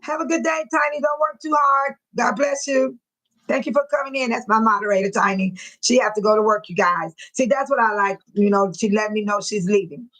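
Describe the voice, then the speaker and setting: A woman's voice: on the high side, brisk, a bit bright, rough recording. A woman hosting a casual livestream, talking to her viewers by name. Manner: emotional, talks to viewers by name. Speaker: livestream host.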